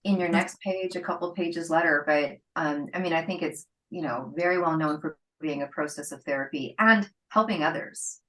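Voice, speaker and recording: Female podcast host with a lower voice, reflective and conversational, seeks agreement. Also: normal speed, few pauses, a bit bright, far from the mic, low-quality recording. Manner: reflective, asks for agreement with "right?". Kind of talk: casual interview chat.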